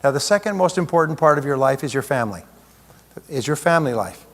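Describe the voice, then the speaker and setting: A man's voice: on the high side, lively intonation, quick pace. A man giving a live seminar talk as a motivational speaker, conversational, with plenty of rhetorical questions. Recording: long hall reverb.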